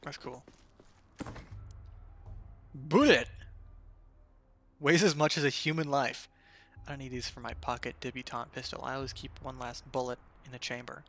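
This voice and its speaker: A man's voice: medium pitch, steady tone, moderate pace, long pauses, fairly bright tone, slight background noise. A man streaming a game, chatting casually in an offhand, joking way and reading item text aloud. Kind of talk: casual gameplay commentary.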